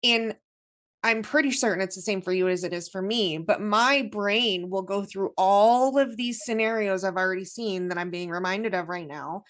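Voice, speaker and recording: A woman with a mid-pitched voice explaining an idea earnestly on a podcast. She talks at length and often restarts her sentences as her thoughts run ahead of her. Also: moderate pace, a bit bright. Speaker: podcast co-host. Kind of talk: casual chat.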